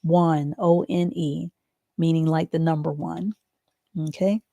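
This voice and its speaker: A woman's voice: sits low, fairly even intonation, takes it slowly, gravelly, warm tone, dry recording, clean studio sound. A woman teaching a live online reading class, spelling words out letter by letter and answering viewers with patient encouragement.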